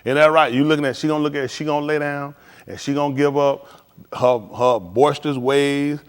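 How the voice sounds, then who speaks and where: A man's voice: a little high, steady tone, a little fast, smooth, big-room sound. A middle-aged man, a preacher, giving casual advice on a live stream, telling stories in vernacular and laughing as he goes.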